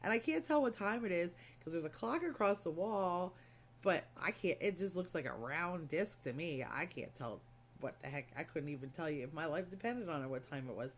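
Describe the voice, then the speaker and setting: A woman's voice: fairly low pitch, lively intonation, moderate pace, a little hiss or hum. A middle-aged woman craft vlogger telling a story in casual, rambling chat full of fillers and asides.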